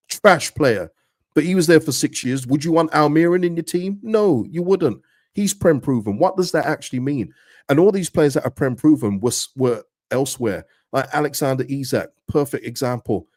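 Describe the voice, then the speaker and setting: A middle-aged man hosting a casual livestream, chatting to viewers in a lively way and often calling them "people". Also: lowish voice, no room sound, studio quality. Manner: chatty, animated, repeats words and addresses viewers as "people". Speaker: host of a fan livestream reading chat.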